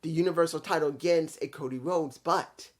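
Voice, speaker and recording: A man reviewing a wrestling event in casual talk, animated and retelling scenes with his own restarts. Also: a little high, a little fast. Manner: animated, acts out quotes, restarts. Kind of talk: casual recap and opinion talk.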